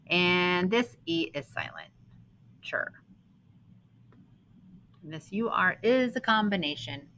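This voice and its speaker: A woman's voice: mid-range voice, pushed and bright, a little hiss or hum, rough recording. A woman teaching a phonics lesson to young children, patiently sounding out words and spelling rules.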